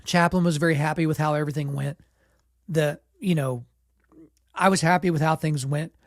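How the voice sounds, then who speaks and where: A man with a sore, sick throat, casually telling a story as podcast host, relaxed and self-deprecating with lots of "you know" and "like". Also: on the high side, normal speed, dry recording, clean studio sound.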